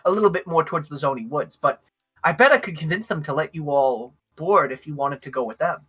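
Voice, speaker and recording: A man voicing a gracious noblewoman hostess in a tabletop game, polite and halting, with many restarts. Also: on the high side, fairly bright tone, faint music behind, lightly acted. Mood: courteous. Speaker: non-player character.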